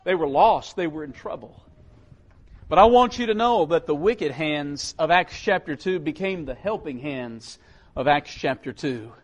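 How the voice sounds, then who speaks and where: Male preacher, high voice, dynamic sermon delivery with loud peaks and hushed lows. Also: expressive, unhurried, lo-fi sound. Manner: dynamic, swinging from loud emphatic calls to low quiet lines.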